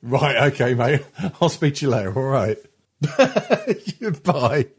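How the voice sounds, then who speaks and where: A man's voice: mid-range voice, sing-song, slow pace, husky. A middle-aged man hosting a podcast in a rambling, sweary, casual way, full of ums and restarts. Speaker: podcast host.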